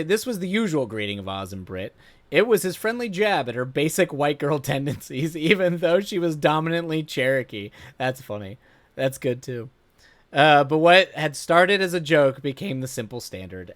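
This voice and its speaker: A man streamer reading a viewer's story aloud, with animated laughing asides and frequent self-corrections. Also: a little high, no room sound.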